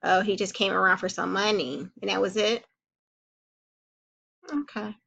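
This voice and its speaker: A woman playing a calm, caring counselor who gently comforts and reassures a young child in a role-played session. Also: mid-range voice, measured pace, vocal fry, exaggerated voice. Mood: gently probing.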